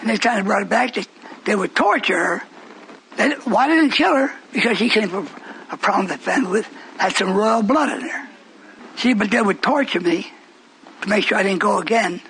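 A man preaching a sermon with passion, swinging from shouts down to whispers and rhetorical questions. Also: high-pitched, expressive, fairly quick, a little hiss or hum, rough recording.

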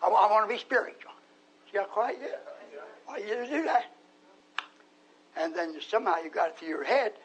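A man preaching a sermon to his congregation, scolding them and now and then rising to a shout. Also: high voice, animated, normal speed, pauses often, rough recording. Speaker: pastor.

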